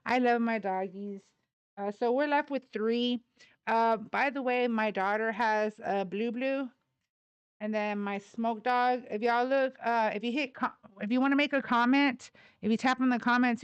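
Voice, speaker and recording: A woman's voice: mid-range voice, clean tone, dry recording. A woman hosting a casual livestream, chatting with viewers and talking affectionately to her dogs. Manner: affectionate baby talk to her dogs, laughing often. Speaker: livestream host.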